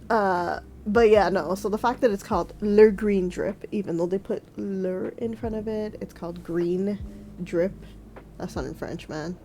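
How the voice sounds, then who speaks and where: A woman's voice: medium pitch, moderate pace, few pauses, dark tone, slight background noise. A woman from Quebec, chatting casually as a streamer, ranting with lots of swearing and fillers. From Quebec, Canada. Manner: ranting, profane, many fillers. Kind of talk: casual chat.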